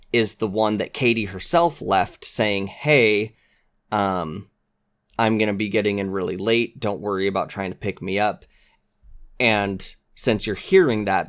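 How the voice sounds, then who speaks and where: A man guesting on a podcast, talking earnestly and with enthusiasm, sometimes acting out quoted lines. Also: lowish voice. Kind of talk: casual chat.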